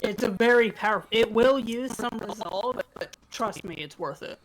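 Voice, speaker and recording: A young man with a high voice chats casually with friends while streaming a game. He talks loosely, swears freely and fills his talk with "like". His voice comes through a noisy voice-chat line. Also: moderate pace. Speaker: streamer playing a video game. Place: online voice chat.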